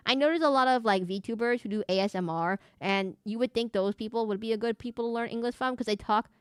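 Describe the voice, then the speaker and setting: A young woman streaming a horror game, chatting fast and rambling with a slight lisp, often correcting herself mid-sentence. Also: fairly high pitch, clear, resonant tone, no room sound, studio quality. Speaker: VTuber streamer. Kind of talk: casual live-stream chat while gaming.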